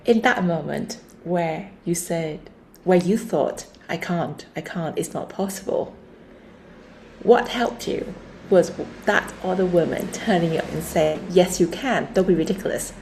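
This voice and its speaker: Mellow, gentle woman co-host. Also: on the low side, slow, gravelly, a little hiss or hum. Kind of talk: reflective conversation.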